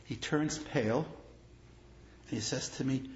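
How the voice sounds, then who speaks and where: With a mid-range voice and lively intonation, a rabbi gives a story-driven lecture at a moderate pace, pausing often. He repeats phrases and becomes emphatic while recounting personal stories. The recording is lo-fi and dull, in an echoey room with faint noise.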